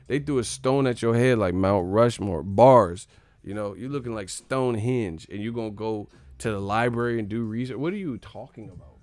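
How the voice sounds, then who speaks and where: A man's voice: mid-range voice, no room sound. A man hosting a casual live stream, ranting in a joking, profane, mocking way.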